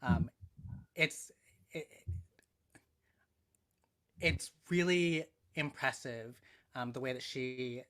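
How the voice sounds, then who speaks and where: Bright-voiced man musing thoughtfully. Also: medium pitch, extremely slow, pauses often. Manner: thoughtful, hesitant with many fillers. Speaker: freelance writer, podcast guest. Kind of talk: casual podcast conversation.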